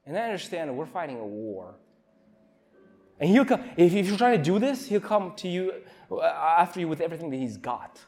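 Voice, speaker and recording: A young man giving an emotional, earnest informal sermon at a youth camp, with halting restarts. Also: fairly high pitch, big pitch swings, a little mellow, soft background music.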